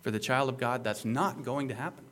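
A man's voice: medium pitch, fairly quick, a bit bright. A male pastor preaching an expository sermon, emphatic and conversational, with rhetorical questions to the listeners.

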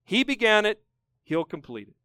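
High-voiced man preaching emphatically. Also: big pitch swings, normal speed, sharp tone, clear, resonant tone, no room sound. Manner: emphatic preaching, rising to fervent peaks then dropping low. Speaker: pastor. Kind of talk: sermon.

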